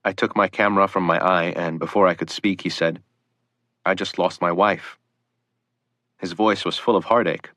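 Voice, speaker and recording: A man narrating a photographer's first-person account for an audiobook, quiet and solemn. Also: deep voice, fairly even intonation, normal speed, long pauses, no room sound, clean studio sound.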